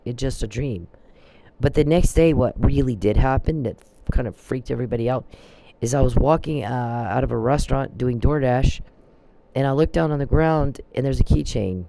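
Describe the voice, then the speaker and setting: A man's voice: mid-range voice, normal speed, vocal fry, dark tone, slight background noise, low-quality recording. A man delivering a preachy, emphatic religious monologue and quoting scripture.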